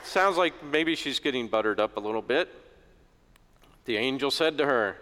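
A man's voice: medium pitch, expressive, moderate pace, bright, forceful tone. Middle-aged guy preaching, cracks little jokes, long church echo around him. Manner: joking, conversational preaching. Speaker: pastor. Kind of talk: sermon. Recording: echoey church reverb.

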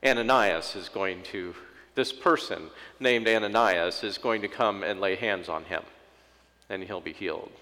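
A man's voice: deep voice, measured pace, pushed and bright. Conversational man preaching in a hall. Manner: conversational preaching with asides and quoted inner voices. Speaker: pastor. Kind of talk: sermon.

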